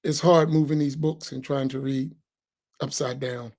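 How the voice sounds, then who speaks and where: A man's voice: medium pitch, fairly even intonation, measured pace, a little mellow. A man, an imam, teaching a religious class in a heated, sarcastic way full of rhetorical questions. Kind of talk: heated religious lesson, argumentative.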